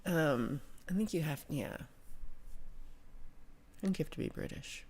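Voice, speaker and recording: American woman, livestream host, low deep voice, rambling casual chat, reads viewer comments, swears casually. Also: animated, measured pace, darkish tone, husky.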